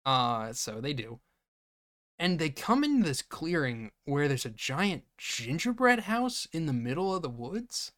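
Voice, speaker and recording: On a podcast he co-hosts, a man animatedly retells a movie, acting out lines and laughing a lot in a casual way. His voice runs on the high side and he talks a little slowly.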